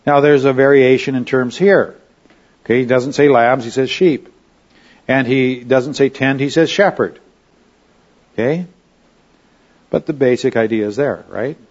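A man's voice: medium pitch, unhurried, long pauses, a little mellow, muffled recording. A man teaching a Bible study lesson in a conversational way, often checking in with his listeners.

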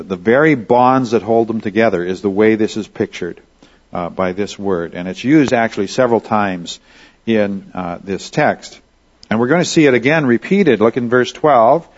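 A man's voice: lowish voice, dull audio. A man teaching verse by verse through a Bible passage as a preacher, talking conversationally with frequent restarts and asides.

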